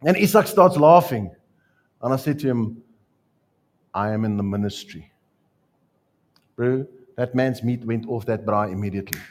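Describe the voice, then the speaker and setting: A man with a South African accent preaching a sermon, telling stories with jokes and lively asides. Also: mid-range voice, normal speed, pauses often. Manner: storytelling, joking, animated asides. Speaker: pastor.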